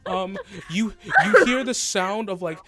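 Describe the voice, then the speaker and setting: A man running a tabletop game as game master, narrating in a halting way and laughing often. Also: high voice, animated, pushed and bright. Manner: giggly, halting, with frequent laughs and restarts.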